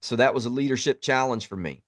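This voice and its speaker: A man speaks in a blunt, plainspoken way, reflecting like a veteran hosting his own podcast. His voice sits at an ordinary middle pitch. The sound is dry and close, with no room echo. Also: fast. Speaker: podcast host, Army veteran. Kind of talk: reflective monologue.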